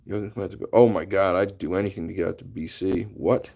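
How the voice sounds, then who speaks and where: A man's voice: deep voice, fairly even intonation, fast, creaky, darkish tone. A man hosting a casual livestream, chatting and laughing as he greets viewers by name. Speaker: livestream host. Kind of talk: casual live-stream chat.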